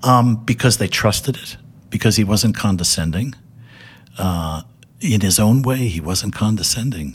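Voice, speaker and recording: Low-pitched and husky, this older man is a television director telling anecdotes as a guest. His delivery rambles, with plenty of fillers and restarts, and he laughs often.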